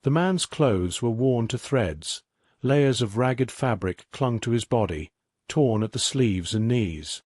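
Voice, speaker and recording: A male narrator reading a scripted story at a mid pitch, steady and even in his delivery. The sound is dry and close, with no trace of room echo. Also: slow pace.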